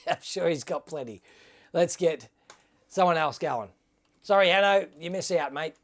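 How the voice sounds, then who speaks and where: A man hosts a live giveaway stream, talking casually and upbeat to his viewers. His voice sits a little higher than most men's, and he keeps calling people mate. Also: expressive, a little slow. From Australia. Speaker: livestream host. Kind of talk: casual livestream giveaway chat.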